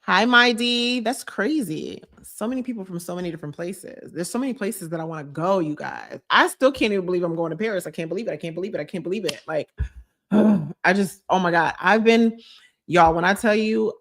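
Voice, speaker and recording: A woman's voice: fairly low pitch, expressive, fairly quick. A woman vlogger chatting casually on a live stream, gushing and reading out viewer comments. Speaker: vlogger hosting a live chat.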